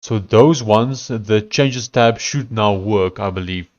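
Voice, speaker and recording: A developer streaming his coding session chats casually and thinks aloud as he codes and tests his app. His voice is fairly low and slow, and the audio is dull.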